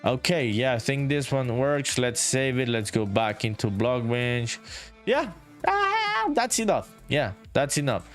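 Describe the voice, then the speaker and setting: A man's voice: medium pitch, sing-song, unhurried, fairly bright tone, soft background music. A man from Honduras, chatting casually on a game-development livestream, reading viewer messages aloud and saying "dude" a lot. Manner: laid-back, reads viewer chat aloud, says "dude" often. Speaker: indie game developer streaming. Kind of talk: casual livestream chat while working.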